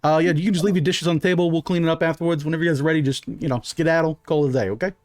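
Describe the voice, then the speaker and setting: A chatty little halfling waiter with a folksy, easygoing drawl and plenty of "uh"s, as a man puts him on. His voice sits a bit higher and the sound is dry and close. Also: steady tone, rapid-fire, darkish tone, dry recording, close to an everyday voice. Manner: easygoing, folksy, rambling with fillers. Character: chatty halfling diner waiter, male, adult.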